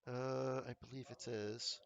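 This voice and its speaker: A man running a tabletop game as dungeon master, narrating events and calling for rolls in a calm, descriptive way. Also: mid-range voice, a little slow.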